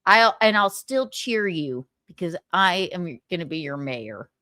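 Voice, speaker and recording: A woman's voice: fairly low pitch, animated, a little slow, sharp tone, no room sound, studio quality. A young woman hosting a livestream, chatting casually, reading viewer comments and laughing often. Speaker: livestream host.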